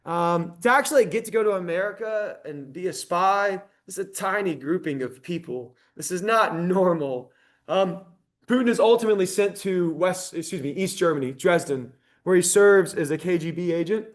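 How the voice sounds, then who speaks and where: Male lecturer with a high, bright-sounding voice; animated and conversational, peppered with ums, speaking at a library talk. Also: normal speed. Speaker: history lecturer.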